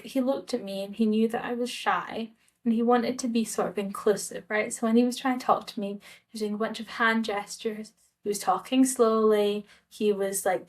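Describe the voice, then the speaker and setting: A woman's voice: mid-range voice, distant mic. Chatty woman with an Edinburgh Scottish accent. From Scotland. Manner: chatty, rambling, many fillers like "like" and "um". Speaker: vlogger. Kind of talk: casual storytelling to camera.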